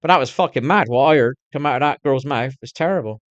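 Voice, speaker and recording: A man's voice: medium pitch, fast, dry recording, muffled recording. A middle-aged man chatting to his viewers on a live stream, swearing constantly and rambling on in a candid way. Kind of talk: casual rambling chat to viewers.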